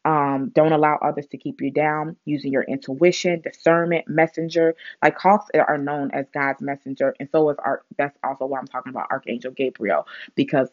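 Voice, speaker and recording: A woman's voice: sits low, a little fast, dry recording, dull audio. Rambling woman talking spirituality. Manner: rambling, many fillers and restarts, animated retelling. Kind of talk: spiritual vlog monologue.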